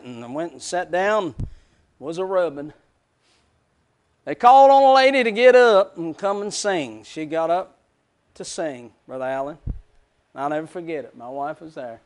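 High-voiced preacher telling stories. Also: male voice, expressive, normal speed, clear, resonant tone. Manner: storytelling, emotive, swells to shouts. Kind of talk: sermon.

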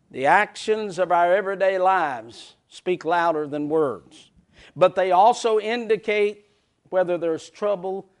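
High-voiced male pastor preaching an impassioned sermon that swells into shouting. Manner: impassioned, builds to shouting, repeats phrases for emphasis.

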